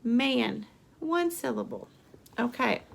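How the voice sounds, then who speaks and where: Woman teacher, high voice, gravelly fry, slow patient sing-song lesson for little kids. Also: animated. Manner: slow, patient, sing-song prompting, spelling letters aloud. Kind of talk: remote lesson for young children.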